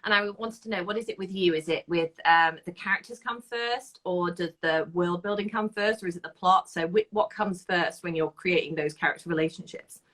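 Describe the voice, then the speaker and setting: A woman author hosts a relaxed conversation with another writer, asking her questions with plenty of enthusiasm. Her voice sits somewhat low, and she talks in a chatty, easygoing way, often breaking into laughter. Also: fairly quick. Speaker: interviewer, author. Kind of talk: casual conversational interview.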